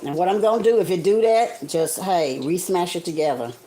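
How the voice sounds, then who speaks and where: Woman host of a home cooking livestream, lowish voice, chatty and homey, faint sizzle of frying behind. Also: lively intonation, brisk, warm tone, a little hiss or hum, rough recording. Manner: chatty and homey, calls viewers honey and guys. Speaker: home cook streaming live. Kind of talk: casual live cooking demonstration. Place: home kitchen, frying on the stove.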